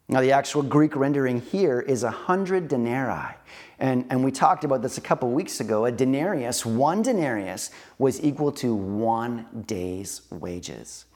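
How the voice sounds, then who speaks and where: A man preaching a sermon, retelling a parable with casual asides to the congregation. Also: a little high. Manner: conversational, animated storytelling, rhetorical asides. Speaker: pastor.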